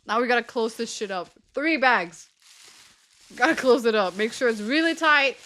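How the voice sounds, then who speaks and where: A young woman chats with her stream audience while she plays a game, giggling and joking along the way. Her voice is bright and forward and sits a little high. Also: expressive, a little fast. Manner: giggly, playful, talks to chat. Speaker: livestreamer. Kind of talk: casual game stream chat.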